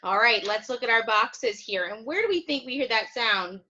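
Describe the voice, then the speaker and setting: A woman teaching a phonics lesson to young children, speaking slowly and clearly, sounding words out and praising often. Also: a little high, expressive, sharp tone. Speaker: kindergarten teacher. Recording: slightly dull, lo-fi sound.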